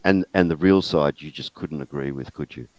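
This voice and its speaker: A man's voice: extremely low pitch, fairly quick, a little mellow, no room sound, rough recording. A man on a video call who reassures and asks probing questions. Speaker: guest on a live stream. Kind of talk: casual chat.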